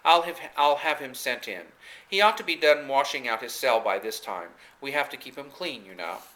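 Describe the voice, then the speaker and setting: A man's voice: mid-range voice, animated, moderate pace, bright, forceful tone, low-quality recording. A man reading as a cheerful, genial prison warden. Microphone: camcorder microphone.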